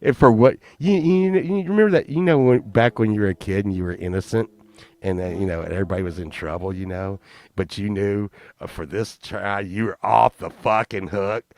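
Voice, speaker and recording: A man in his fifties telling a rambling, profane childhood story, excitable and often laughing. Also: lowish voice, fairly quick, no room sound. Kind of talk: casual anecdote telling.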